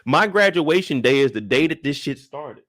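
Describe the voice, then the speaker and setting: A man's voice: a little high, lively intonation, moderate pace, fairly bright tone, no room sound, studio quality. A man in his thirties hosting a live stream, chatting loosely in slang and greeting viewers by name. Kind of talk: casual live-stream review chat.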